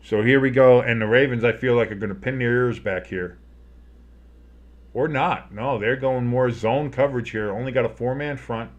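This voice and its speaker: A man's voice: medium pitch, moderate pace, dull audio. A man giving casual live play-by-play commentary on a football game, rambling and swearing as he reacts. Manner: rambling, swears, restarts his sentences.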